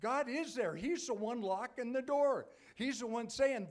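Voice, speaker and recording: An older man preaching a sermon in a church, talking to the congregation in a conversational way, checking in with frequent "okay?" and building to loud, emphatic peaks. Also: very high voice, a little slow. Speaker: pastor. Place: church sanctuary.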